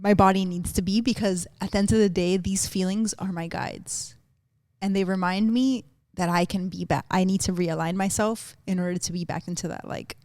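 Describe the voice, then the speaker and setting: Woman podcast host, mid-pitched voice, chatty, says like a lot, dry close mic. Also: moderate pace, dry recording. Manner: expressive, quotes herself, frequent fillers like "like". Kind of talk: casual spiritual chat.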